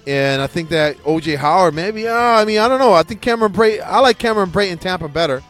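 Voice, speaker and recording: A man's voice: high voice, expressive, quick pace, fairly bright tone, faint music behind. Rambling, foul-mouthed male podcast host. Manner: rambling, profane, restarts often. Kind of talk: casual ranting chat.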